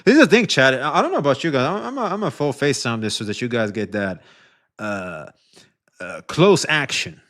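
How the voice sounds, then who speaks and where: A male streamer reacts to a video live and talks straight to his chat. His pitch rises and falls a lot as he rambles and corrects himself, and he swears freely. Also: big pitch swings, a little fast, fairly bright tone. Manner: addresses chat directly, frequent restarts and swearing. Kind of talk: livestream reaction commentary.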